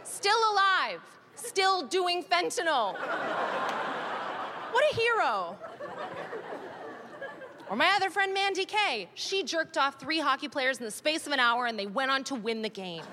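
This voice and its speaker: A woman in her thirties doing stand-up, high and bright, her pitch leaping around as she delivers self-mocking lines with a deadpan edge. A faint hum sits behind her. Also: unhurried, long pauses, crowd noise. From Canada. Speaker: stand-up comedian. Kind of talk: stand-up comedy.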